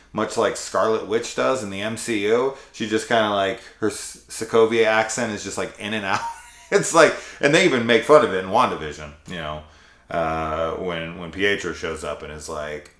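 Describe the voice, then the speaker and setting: A man's voice: fairly low pitch, a bit bright. A man casually reviewing a horror sequel, rambling and sarcastic, swearing freely. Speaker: movie reviewer. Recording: echoey room.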